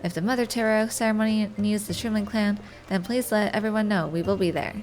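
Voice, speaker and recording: A dignified male shrimp king from a fantasy game, gracious and measured in how he speaks, as a woman reads his lines. The voice is mid-pitched, with soft game music in the background. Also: natural voice.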